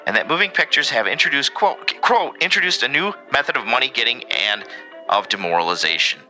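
Animated man reading history with jokes. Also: medium pitch, fast talker, faint music behind, low-quality recording. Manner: animated, reads facts with joking asides. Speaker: podcast co-host. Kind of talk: casual podcast history segment.

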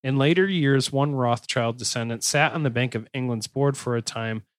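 A man's voice: medium pitch, normal speed, no room sound. A man hosting a podcast, chatting loosely and reading notes aloud with frequent restarts and jokes. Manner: rambling, joking, self-correcting restarts. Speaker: podcast host.

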